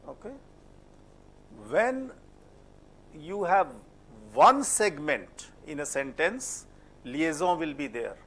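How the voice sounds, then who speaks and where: A man's voice: a little high, animated, slow pace, long pauses, a bit bright. A man with an Indian English accent lecturing a class on French pronunciation, asking questions and repeating words as a drill. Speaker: French phonetics teacher.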